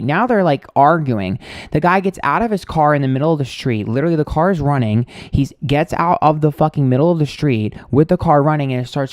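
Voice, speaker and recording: A man hosting a tarot livestream who tells a story in a casual, rambling, profane way. He is exasperated and dramatic, swinging between quiet asides and loud outbursts. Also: on the high side, lively intonation, brisk, no echo, studio quality.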